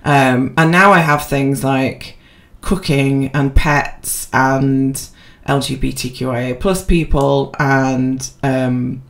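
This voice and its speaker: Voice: medium pitch, fairly even intonation, slow pace, creaky, hardly any pauses, a bit bright. Rambling casual podcast co-host. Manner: rambling, self-deprecating, with many fillers and restarts. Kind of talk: casual chat.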